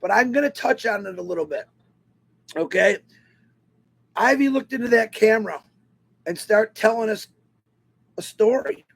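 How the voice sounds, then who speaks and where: A man telling a personal story to an online webinar audience in an animated, emotional way. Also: high voice, normal speed, creaky, pauses often, breathy edge. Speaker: webinar speaker.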